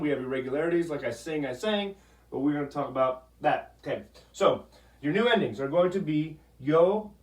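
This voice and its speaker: A man teaching a Spanish grammar lesson, patient, repeating "okay?" often and sounding out words slowly. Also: fairly high pitch. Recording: echoey room, voice from a distance.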